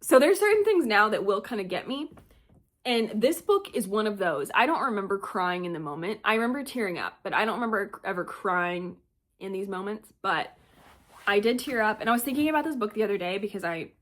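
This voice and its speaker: A woman's voice: mid-range voice, lively intonation, a little fast, a bit bright. A young adult woman chatting casually as a book vlogger, bubbly and gushing, rambling with lots of fillers. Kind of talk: casual chat.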